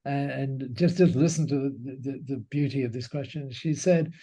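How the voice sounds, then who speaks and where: A man's voice: medium pitch, fairly even intonation, moderate pace, warm tone. A man, a company cofounder, telling a story as an interview guest in a reflective way, with frequent restarts.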